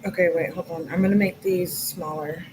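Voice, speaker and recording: With a lowish, a little mellow voice and fairly even intonation, a young woman briskly reads text messages on a livestream. She's chatty, quoting the messages and adding asides in a casual read-through. The poor audio has a little hiss or hum.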